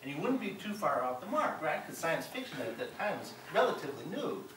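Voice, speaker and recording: Bright-voiced man lecturing in an echoey classroom. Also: a little high, big pitch swings, a little fast, slight background noise. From Chicago. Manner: keeps checking in with "right?". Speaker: guest lecturer. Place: college classroom. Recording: echoey room, mic far off.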